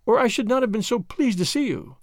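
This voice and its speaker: A playful young French noblewoman, bored with country life, who teases and mocks in an airy voice that rises and swoops, as a male narrator puts her on. The close, dry storybook reading keeps every arch turn clear. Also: sits high, huge pitch swings, brisk, darkish tone, dry recording, full character voice. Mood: arch, teasing. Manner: gay, teasing, airy delivery.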